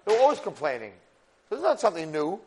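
A man's voice: on the high side, wildly swooping pitch, quick pace, a little mellow, a little hiss or hum. A man teaching a Torah class, speaking expressively and directly to his students, mixing in Hebrew terms. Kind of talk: animated Torah lecture.

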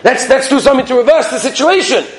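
A man's voice: very high voice, fast, pitched above the performer's own voice. A man voicing a wife who nags her husband and then apologizes. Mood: apologetic. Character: nagging wife, later apologetic.

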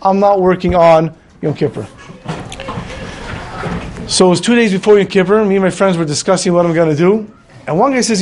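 A man's voice: sits high, fairly quick, pauses often, darkish tone, a little hiss or hum. A man telling a story in a Torah class, acting out the voices of the people in it. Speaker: rabbi.

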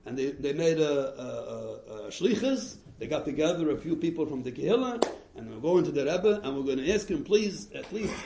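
A man giving a talk to parents, telling stories in an animated way, mixing in Yiddish and Hebrew phrases. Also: a little high, brisk, vocal fry, roomy sound, background noise. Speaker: rabbi giving encouragement to parents. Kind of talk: Yiddish-laced storytelling talk.

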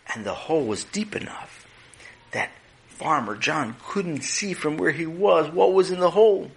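A man's voice: fairly high pitch, very animated, moderate pace, vocal fry, slightly rough. A man narrating a children's story in a playful way, speaking directly to his young listeners.

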